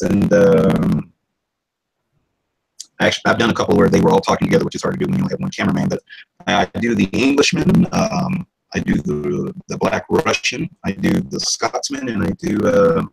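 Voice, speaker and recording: A man's voice: low voice, gravelly, slightly rough, low-quality recording. A man who works as a voice-over artist and actor, talking casually in an interview about his characters. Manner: animated, slips into character voices.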